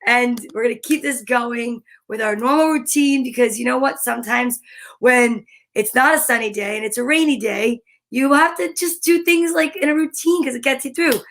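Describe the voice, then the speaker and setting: A woman chats on a live stream in a bright, gushing way, her voice sitting a little high. She draws out her greetings slowly and sometimes drops to a soft, breathy whisper. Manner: effusive, gushing, greets viewers by name. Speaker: live-stream host and comedian. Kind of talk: upbeat live-stream chat.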